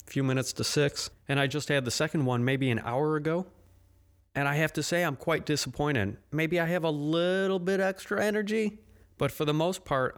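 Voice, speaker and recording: A man hosting his own podcast, ranting casually with profanity and self-deprecating asides. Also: on the high side. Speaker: podcast host. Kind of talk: casual solo podcast rant.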